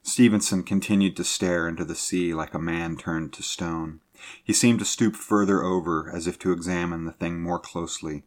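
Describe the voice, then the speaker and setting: A man reading a sea adventure story aloud in a measured, low-key narrating manner. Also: fairly even intonation.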